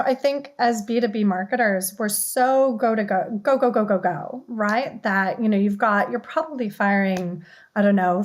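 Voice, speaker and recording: Woman guest speaking fluently on a podcast. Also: mid-range voice. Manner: fluent, upbeat, uses "you know" and "right". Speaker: guest, communications head. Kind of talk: casual interview chat.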